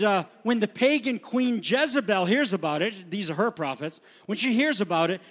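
High-voiced preacher in a reverberant hall. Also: male voice. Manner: dynamic preaching, drops to a hush then builds to loud exhortation. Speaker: pastor. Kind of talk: sermon.

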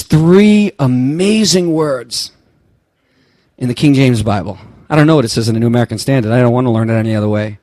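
Impassioned storytelling preacher, dry sound. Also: male voice, medium pitch, animated, a little fast, dry recording. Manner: storytelling preacher, swings from quiet to impassioned near-shouting. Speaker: pastor. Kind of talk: sermon.

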